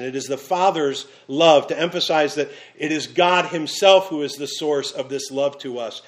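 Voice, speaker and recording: Earnest preaching man, fairly high voice. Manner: earnest preaching with dramatic pauses and sudden slowdowns; storytelling with fillers and restarts. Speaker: pastor. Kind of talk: sermon.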